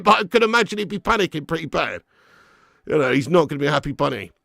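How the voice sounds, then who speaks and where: A man's voice: fairly high pitch, quick pace, creaky, sharp tone, no room sound, studio quality. A man hosting a live football watch-along, chatting and bantering with viewers. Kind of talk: live casual match commentary and chat.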